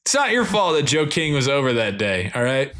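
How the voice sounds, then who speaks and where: A man's voice: mid-range voice, sing-song, moderate pace, a bit bright, a little hiss or hum. A young man co-hosting a casual comedic podcast, laid-back and laughing often, with short reactions. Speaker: podcast co-host.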